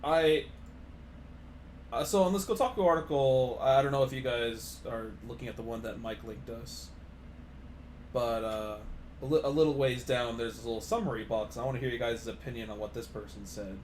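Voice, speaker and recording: A young man hosting a casual gaming podcast, asking questions in a halting, hesitant way. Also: mid-range voice, a little mellow, slight background noise. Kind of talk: casual chat.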